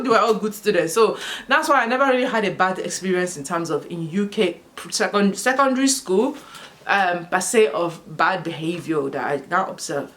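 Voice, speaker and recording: A woman from Africa giving casual school advice as a vlogger, telling stories with frequent bursts of laughter, outdoors in the sun. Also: medium pitch. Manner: animated storytelling with frequent laughter. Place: outdoors in sunlight.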